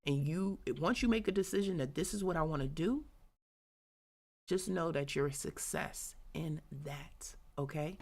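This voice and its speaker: Gravelly low-voiced woman hosting a live talk. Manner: chatty and laughing, with quick whispered asides. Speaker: host of a live business talk. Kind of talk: casual motivational talk, reading a book aloud.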